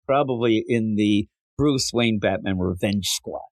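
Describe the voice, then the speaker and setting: A man with a fairly low voice co-hosts a comic book podcast, chatting casually at a measured pace with no echo. He laughs often and performs characters' lines.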